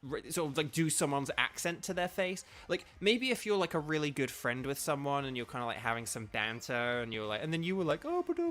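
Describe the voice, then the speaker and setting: A man's voice: mid-range voice, a bit bright. A man streaming a video game, chatting casually and drifting between the game and his viewers' comments. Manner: chatty, digressive, reads chat aloud. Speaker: gaming streamer and voice actor.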